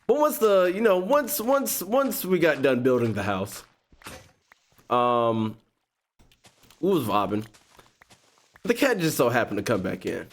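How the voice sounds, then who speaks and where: Animated, wildly expressive male storyteller. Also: mid-range voice, measured pace, pauses often. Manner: expressive, slangy, breaks into laughter. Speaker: gaming YouTuber host. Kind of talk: animated storytime while playing a game.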